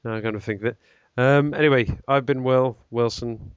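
A man's voice: mid-range voice, steady tone, brisk, clean tone, dry recording, lo-fi sound. A man hosting a casual podcast, rambling and joking with a co-host. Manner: rambling, jokey, laughs often.

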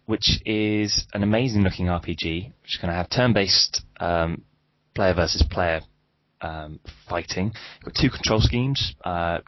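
A man's voice: sits low, no room sound. A man co-hosting a podcast, teasing with dry humor and reading tech news. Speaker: podcast co-host. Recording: dry, dull lo-fi sound.

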